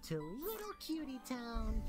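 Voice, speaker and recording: A tiny, melodramatic cube creature in a game. The voice sits high and rambles as it goes. Game music plays under the lines. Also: male voice, full character voice. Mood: sweetly welcoming. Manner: rambling, swings from sweet to hysterical. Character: tiny cute cube townsman, unhinged, melodramatic. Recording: game audio with music behind.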